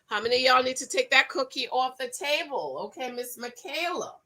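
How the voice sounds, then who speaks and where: A woman's voice: sits high, lively intonation, a little fast, pushed and bright. A middle-aged woman hosting a casual livestream, reading viewer comments and laughing as she talks straight to her viewers.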